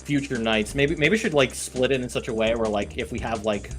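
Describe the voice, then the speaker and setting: A man's voice: medium pitch, fairly quick, faint music behind. A young man chatting casually on a voice call with a friend who is streaming, laid-back and prone to repeating his opening words. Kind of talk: casual chat.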